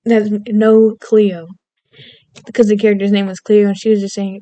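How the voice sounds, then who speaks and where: A young woman rambles in a goofy, self-deprecating vlog chat that wanders from topic to topic. Her voice is mellow and soft-edged, at a middle pitch. She is recorded close up on a dry, unechoing mic. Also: flat delivery, moderate pace, no room sound. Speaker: vlogger.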